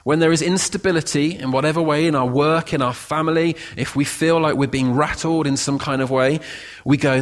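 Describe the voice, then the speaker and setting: Man preaching a lively sermon. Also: on the high side, brisk. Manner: shifts from quiet reading to emphatic shouting. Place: church.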